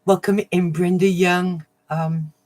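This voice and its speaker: A woman hosting a casual crafting livestream, chatting warmly with viewers, getting emotional and laughing often. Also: on the low side, little pitch movement, slow. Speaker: livestream host of a crafting channel.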